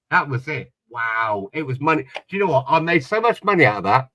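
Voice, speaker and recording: A man's voice: medium pitch, expressive, brisk, fairly bright tone, no room sound, rough recording. A man telling a long story in casual chat on a panel, rambling and repeating his words. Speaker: panel guest.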